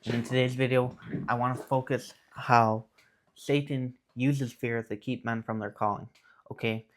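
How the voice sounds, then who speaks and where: A man's voice: medium pitch, steady tone, normal speed. A young man giving a casual, earnest faith talk to his viewers, often checking in with "okay". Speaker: Christian YouTuber.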